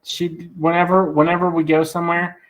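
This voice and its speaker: A man with a raspy, slightly high voice chats loosely on a live stream. He jokes and teases, circling back with restarts as he goes. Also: little pitch movement, a little fast, fairly bright tone. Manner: joking, teasing, rambling with restarts. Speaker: host of a farm channel live stream. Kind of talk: casual live-stream chat.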